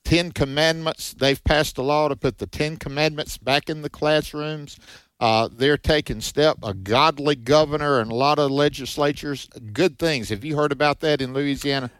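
A man's voice: fairly high pitch, fairly even intonation, moderate pace, fairly bright tone, clean tone, no room sound. A man hosting a Christian radio call-in show, talking in a folksy, hesitant way with lots of fillers. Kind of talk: casual radio chat.

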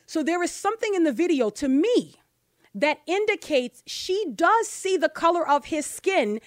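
A high-pitched woman hosts a talk show, delivering pointed opinion commentary. She drives her points home with rhetorical tag questions. Her voice sounds dry and close to the mic. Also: sing-song, normal speed, no room sound. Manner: emphatic, with many rhetorical "right?" tag questions.

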